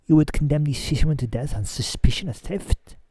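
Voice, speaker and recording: A man's voice: fairly high pitch, brisk, warm tone, no room sound, close to an everyday voice. A man reading as an indignant noblewoman. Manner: indignant, reproachful.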